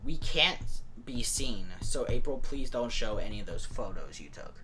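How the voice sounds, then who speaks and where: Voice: mid-range voice, animated, normal speed, pushed and bright, slight background noise. A podcaster voicing a stern old male rat sensei while retelling a movie plot, in an everyday voice. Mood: urgent.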